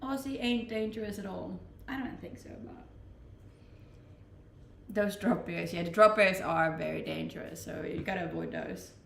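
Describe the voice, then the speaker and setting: With a fairly low, gravelly voice at a moderate pace, a young woman from Scandinavia chats playfully with her stream's viewers, laughing often as she reads their messages. A Scandinavian language is her first, and her accent shows it. She's recording in an echoey room on the Gold Coast, Australia, with a little hiss or hum.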